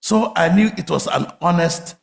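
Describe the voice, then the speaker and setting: A man preaching a sermon, telling stories with big swings from loud outbursts to quiet murmurs. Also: on the high side, moderate pace, vocal fry. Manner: animated storytelling, swings from shouts to murmurs. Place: church sanctuary. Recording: echoey church hall.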